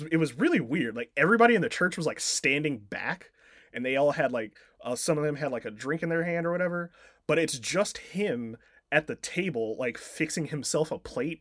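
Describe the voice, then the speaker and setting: A man's voice: a little high, dry recording, clean studio sound. A man co-hosting a podcast, casually retelling a film plot in a rambling way, full of filler words and swearing. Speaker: podcast co-host.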